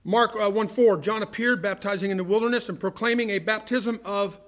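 A male pastor preaching a sermon, acting out courtroom exchanges and moving between loud bursts and quiet asides. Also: high-pitched, brisk.

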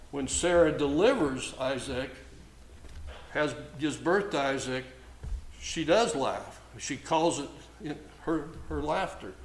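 Male pastor preaching, slow, deliberate and emphatic, slightly high voice, roomy echo. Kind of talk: sermon. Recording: echoey room with faint ambience.

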